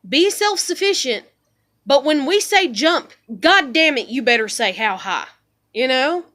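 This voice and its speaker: A woman in her thirties vents in a raw, rambling monologue, swearing often. Her voice sits high and sounds bright and sharp. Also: expressive, unhurried. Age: 30s. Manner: profane, rambling, frustrated. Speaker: vlogger. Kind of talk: emotional venting monologue.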